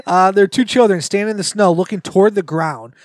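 A man's voice: sits high, fast talker, no echo. A man on a podcast reading a scary story aloud and breaking off for joking asides. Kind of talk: casual storytelling read-aloud with banter.

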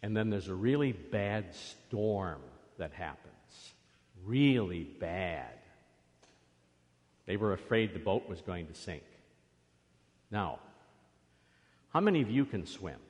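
A priest giving a children's sermon in a church, coaxing the children along with lively questions. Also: male voice, fairly low pitch, a little slow. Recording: long reverb of a church.

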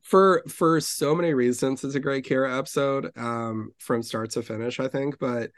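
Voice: mid-range voice, steady tone, moderate pace, dry recording. A podcast co-host in casual chat, talking enthusiastically and acting out characters' lines with gusto.

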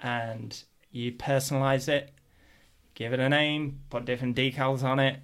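A middle-aged man from England, a guest telling stories in a casual, animated way and acting out what people said. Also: mid-range voice, moderate pace, clear, resonant tone. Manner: animated, acts out quotes in his stories. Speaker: guest, pro BMX rider. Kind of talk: casual storytelling.

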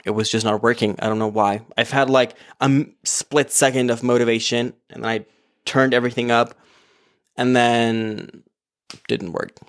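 A man with a level, mid-range voice at normal speed hosts his own solo podcast from his apartment. Using an iPad-mounted podcast mic, he delivers a candid, rambling monologue packed with fillers and frequent swearing.

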